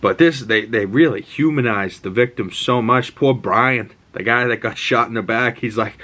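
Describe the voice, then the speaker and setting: A man's voice: mid-range voice, normal speed, hardly any pauses, bright, forceful tone. Rambling, profane young man recapping a show. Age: 20s. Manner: rambling, profane, enthusiastic with fillers.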